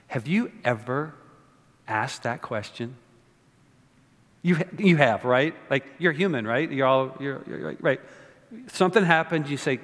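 A man's voice: mid-range voice, animated, unhurried. A pastor giving a conversational sermon, often repeating words and asking his listeners rhetorical questions. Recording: long reverb of a hall.

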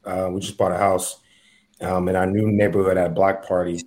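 A man from the United States talks comedy in a rambling, reflective way, leaning on fillers. His voice sits on the low side for a man. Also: flat delivery, fairly quick, a little mellow. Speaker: host, comedian. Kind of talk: casual podcast chat.

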